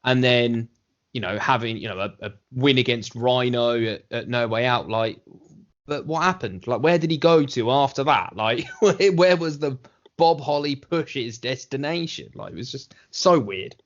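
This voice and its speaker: A man's voice: mid-range voice, normal speed, fairly bright tone. A man co-hosting a wrestling review podcast, talking bluntly and dismissively with lots of swearing. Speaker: podcast co-host. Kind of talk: casual wrestling review chat. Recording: dull lo-fi podcast audio.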